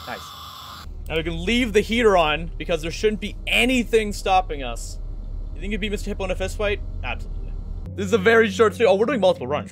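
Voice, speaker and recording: A young man livestreaming a video game, chatting with viewers and excitedly coaxing the characters on screen. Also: high voice, fast talker. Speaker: gaming streamer. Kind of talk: casual livestream gameplay commentary.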